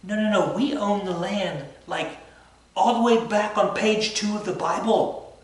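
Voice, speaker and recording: A man's voice: high-pitched, unhurried, voice pushed up. A man doing exasperated emphatic land claimants. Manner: exasperated, repeats "no, no". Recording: very echoey, from far off the mic.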